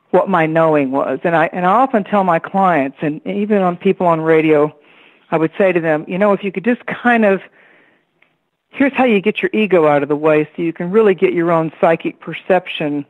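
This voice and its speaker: A woman's voice: lowish voice, dry recording. Woman telling stories over a tinny phone line. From Tennessee, USA. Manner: lively storyteller who acts out the voices of relatives. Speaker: radio guest, psychic astrologer. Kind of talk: personal storytelling on a call-in radio show. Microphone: telephone.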